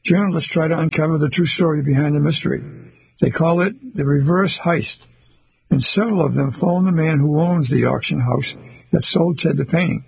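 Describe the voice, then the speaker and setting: Husky, creaky-voiced male narrator. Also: on the high side, normal speed, rough recording. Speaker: audiobook narrator. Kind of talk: scripted narration.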